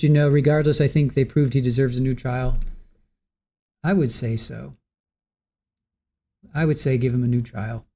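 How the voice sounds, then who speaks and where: Livestream host, male, warm and slightly high voice, unscripted and halting, mulls over viewer comments. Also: creaky. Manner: hesitant, repeats words, thinks aloud; reads viewer comments and answers them. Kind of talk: casual commentary reading chat.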